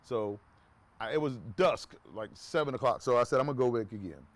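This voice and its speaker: A man's voice: medium pitch, a little fast. A man casually telling a personal story to his viewers, rambling with restarts and asides, and acting out quoted talk in a raised voice. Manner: acts out quoted dialogue in a raised voice.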